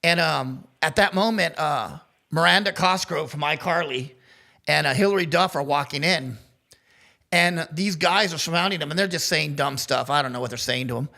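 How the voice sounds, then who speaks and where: A man's voice: on the high side, normal speed, vocal fry, pushed and bright. A man co-hosting a podcast, telling a rambling story in casual chat and laughing often. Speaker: podcast co-host.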